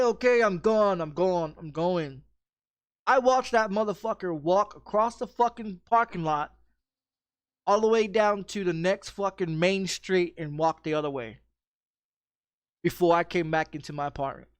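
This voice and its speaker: A man's voice: high voice, normal speed, clean tone, dry recording. A streamer telling a story in casual chat, blunt and heavy on profanity, often repeating his phrases.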